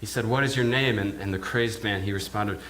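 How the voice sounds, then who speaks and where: A man's voice: on the low side, brisk, a bit bright, slight background noise, close to an everyday voice. A male minister preaching in character as an awed village pig herder, telling his story in the first person with hesitant, often repeated words. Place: church.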